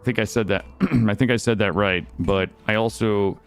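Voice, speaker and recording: A man's voice: lowish voice, normal speed, clear, resonant tone, soft background music. A young man streaming a game, chatting playfully with his viewers and swearing casually. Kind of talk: casual gaming stream chat.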